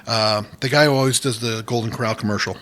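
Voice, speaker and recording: A man's voice: medium pitch, steady tone, quick pace, a bit bright. A man from New England, guest co-host on a casual podcast, rambling and joking with his friend. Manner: rambling, jokey, puts on silly voices.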